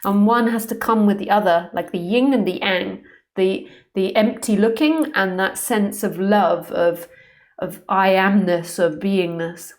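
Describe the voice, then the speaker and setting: A woman spiritual teacher giving a live-streamed talk from a room at home, earnest and searching, pausing often. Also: medium pitch. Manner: earnest, searching, with pauses and ums.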